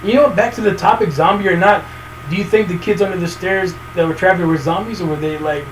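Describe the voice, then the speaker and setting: A man hosting a casual podcast, rambling and swearing as he retells movie scenes and acts out characters in quick funny voices. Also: high-pitched. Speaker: podcast host. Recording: distant mic with faint room noise.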